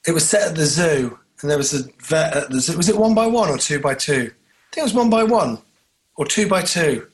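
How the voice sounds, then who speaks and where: A man co-hosting a podcast, telling rambling, animated stories in casual chat. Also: on the high side, fairly quick. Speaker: podcast co-host.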